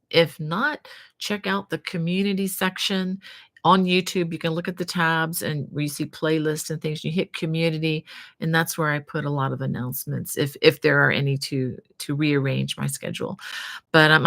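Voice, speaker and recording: A woman's voice: deep voice, fairly bright tone, no room sound. An older woman hosting a casual live stream, chatting earnestly and reading viewer comments aloud before answering them with blessings. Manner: earnest, devout, fond of blessings and prayers. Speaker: crochet channel host.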